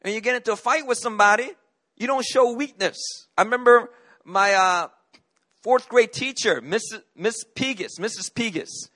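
A man's voice: high voice, normal speed, sharp tone. A middle-aged man from Korea, a pastor preaching a sermon, telling a personal story in an earnest way with frequent restarts.

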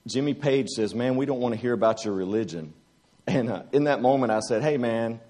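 A man preaching at a church retreat, telling a personal testimony in an animated, joking way and acting out the scenes. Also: mid-range voice, slight background noise. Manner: animated, joking storyteller who acts out scenes. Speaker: retreat speaker. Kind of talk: testimony-style sermon to a live audience.

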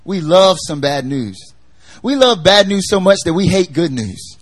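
A man's voice: high-pitched, expressive, a little slow. A young man preaching a casual sermon, chatty and jokey, full of fillers as he tells stories.

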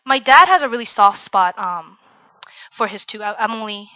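This sermon to students comes from a young woman from Virginia, USA, speaking in a mid-range, expressive voice at a moderate pace. She's chatty, often ending lines with "right?" or dropping in "like." The recording is lo-fi with no echo.

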